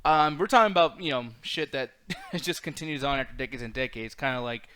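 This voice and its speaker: A man's voice: mid-range voice, brisk, pushed and bright, smooth. A man co-hosting a casual pop-culture podcast, emphatic and swearing freely, reading chat comments aloud. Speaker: podcast co-host.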